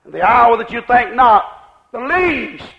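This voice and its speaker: A man preaching a fiery revival sermon, shouting in a chanting cadence, on a muffled lo-fi recording. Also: extremely high pitch, lively intonation, a little slow, gravelly.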